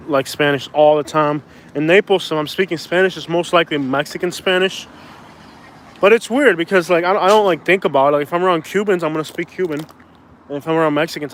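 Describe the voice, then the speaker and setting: A young Florida man records a casual walk-and-talk vlog outdoors on a street using a stabilized phone. His voice is fairly high and a bit bright, and he rambles, says "like" constantly, and restarts often. A little hiss or hum is audible.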